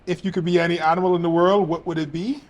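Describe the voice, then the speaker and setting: A man's voice: high-pitched, steady tone, fast. A man hosting a casual date chat, teasing and joking playfully. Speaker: host.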